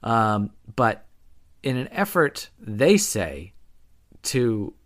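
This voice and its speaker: Speaking very slowly yet with great animation, a young man with a fairly low voice co-hosts a podcast, giving long casual explanations full of hedges and self-corrections.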